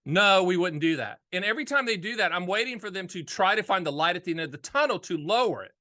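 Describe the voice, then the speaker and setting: A middle-aged man explains annuities in a casual, folksy, straight-talk style. His voice is high for a man, bright and punchy. He hammers points home by repeating phrases. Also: expressive, fast, hardly any pauses. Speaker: annuity agent and show host.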